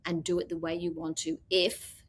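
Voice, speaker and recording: A middle-aged Australian woman who founded a business chats casually as an interview guest, telling stories animatedly and acting out quoted dialogue. Her voice is on the low side with a breathy edge, at normal speed.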